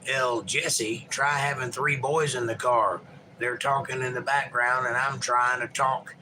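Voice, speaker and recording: A man's voice: medium pitch, level tone, a little slow, sharp tone, a little hiss or hum, low-quality recording. A man hosting a livestream, reading viewer chat aloud and chatting in a rambling, folksy, joking way.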